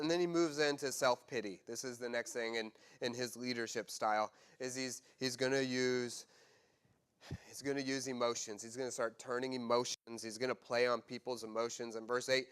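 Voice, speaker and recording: A man pastor preaching a sermon, animated and conversational, acting out quoted voices with humor. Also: medium pitch, moderate pace.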